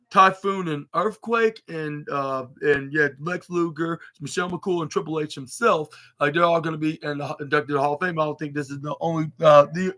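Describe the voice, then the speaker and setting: A man's voice: a little high, fairly bright tone. A man hosting a podcast, recapping wrestling in a rambling casual way, full of "like" and "uh" and restarted sentences. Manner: rambling, heavy on "like" and "uh". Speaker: podcast host.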